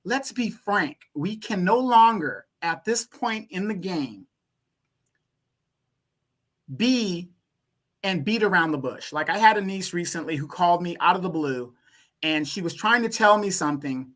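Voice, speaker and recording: A man from Louisiana, a guest on a talk show, speaking bluntly and animatedly. His pitch jumps up when he makes a point. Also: expressive, moderate pace, bright, forceful tone. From Louisiana, USA. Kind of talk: casual opinion talk.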